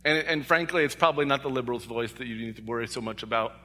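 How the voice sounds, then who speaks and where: A man's voice: medium pitch, rapid-fire, sharp tone. A male pastor preaching a sermon, earnest and emphatic, repeating key phrases. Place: church sanctuary. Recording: long echo of a large hall.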